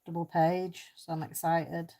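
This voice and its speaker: A woman's voice: fairly low pitch, little pitch movement, unhurried, mellow. A woman chatting casually during a colouring live stream, reading out and answering viewers' comments with easy, self-deprecating humour. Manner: self-deprecating, laughs easily. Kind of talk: casual chat while colouring.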